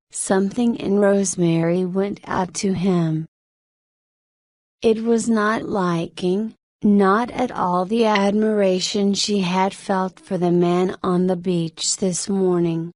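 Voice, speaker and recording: A woman reading a novel aloud as scripted narration for English learners, in a slow, measured way. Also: mid-range voice, fairly even intonation, darkish tone, no echo, clean studio sound.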